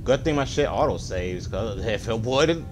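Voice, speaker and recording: Excitable deep-voiced man gaming. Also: normal speed, faint music behind. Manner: excitable, swears a lot, talks to viewers. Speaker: gaming video creator. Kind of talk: casual let's-play commentary.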